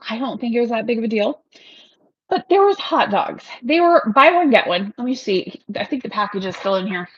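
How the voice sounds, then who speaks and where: A woman's voice: fairly high pitch, very animated, a little fast, fairly bright tone, breathy edge, dry recording, lo-fi sound. A woman chatting casually on a livestream, rambling from one thing to the next and laughing often. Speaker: realtor hosting a livestream.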